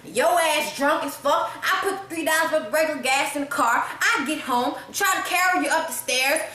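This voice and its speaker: A woman recaps a comedy film in a casual, animated way, swearing freely and laughing between lines. Her voice is high and bright. The echoey room rings around her. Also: brisk. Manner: animated, profane, breaks into laughter. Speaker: movie reviewer.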